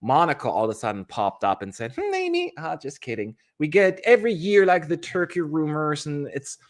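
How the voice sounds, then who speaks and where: A man hosting a casual livestream for a fan channel, chatting in a rambling way and jumping into sudden high notes. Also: brisk. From California. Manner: chatty, rambling, animated with sudden pitch jumps.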